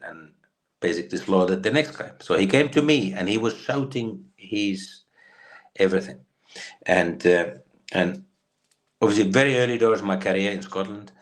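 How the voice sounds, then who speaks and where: A Finnish man in his fifties, a former footballer, telling rambling stories in an interview with many fillers and restarts. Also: low voice. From Finland. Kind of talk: storytelling interview.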